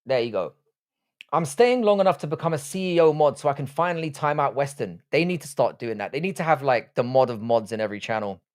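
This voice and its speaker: A man hosts a live stream, reading out viewer messages and answering them off the cuff. He speaks at an ordinary middle pitch and trades crude, swear-filled insults in a joking, bantering way. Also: lively intonation, quick pace, a little mellow. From England. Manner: profane mock-insult banter.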